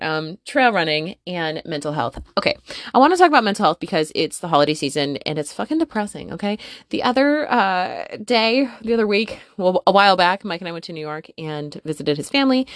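Profane, animated woman telling stories. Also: medium pitch, no echo, studio quality. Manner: profane, animated, laughs often. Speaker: podcast host. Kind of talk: casual storytelling monologue. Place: home closet.

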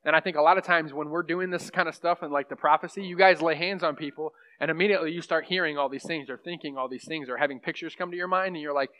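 Rambling young male preacher, muffled recording. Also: fairly high pitch. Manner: rambling, conversational, lots of fillers. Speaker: pastor teaching a class. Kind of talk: casual sermon teaching.

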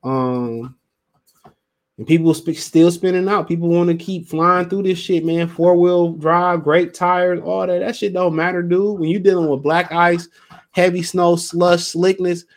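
A man hosting a casual solo podcast, talking in a slangy, profane, rambling way and reading out listener comments. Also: a little high. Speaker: podcast host.

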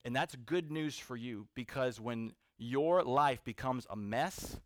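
A man preaching a sermon to a seated congregation, earnest, building to emphatic peaks and then dropping soft. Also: mid-range voice, slow, no echo, clean studio sound. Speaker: pastor.

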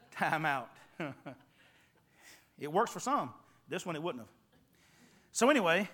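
A middle-aged man from North Carolina with a Southern accent delivers a sermon in a folksy storytelling manner. His voice sits high and sounds bright and forceful. He keeps checking in with the congregation as he goes. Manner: folksy storytelling with call-and-response asides. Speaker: preacher.

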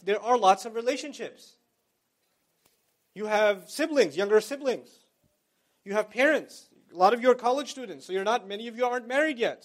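A man giving an Islamic lecture to college students, conversational and explaining terms in plain everyday words, with emphatic storytelling. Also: sits high.

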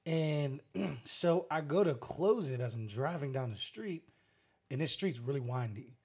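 A man's voice: fairly high pitch, expressive, measured pace, darkish tone, husky. A man co-hosting a podcast, telling stories energetically in casual chat, laughing often. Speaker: podcast co-host.

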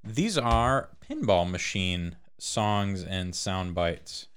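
A man's voice: low voice, very animated, very slow, a bit bright, clean tone. A man co-hosting a podcast in casual banter, joking, laughing often and swearing freely. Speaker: podcast co-host.

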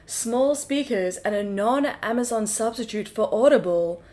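A woman voicing a wise male gibbon in improvised comedy, giving slow, soothing advice. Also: fairly high pitch, expressive, warm tone. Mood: calm. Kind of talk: improvised comedy role-play.

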